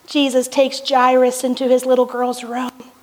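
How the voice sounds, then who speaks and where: A woman pastor preaching a sermon, telling the story with rhetorical questions and soft laughs. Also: sits high, completely flat delivery, normal speed. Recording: echoey hall reverb.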